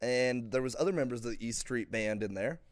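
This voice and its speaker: A man's voice: mid-range voice, a little fast. A young man hosting a comedy podcast in casual chat, rambling with many fillers and restarts.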